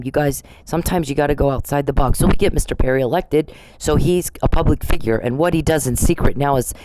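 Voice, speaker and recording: A man's voice: medium pitch, mellow, poor audio. Guy ranting on his podcast, swears a lot, accusing and rambling, plain mid voice, lots of background hiss. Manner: profane, accusatory, rambling with restarts. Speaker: podcast host. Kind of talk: ranting monologue.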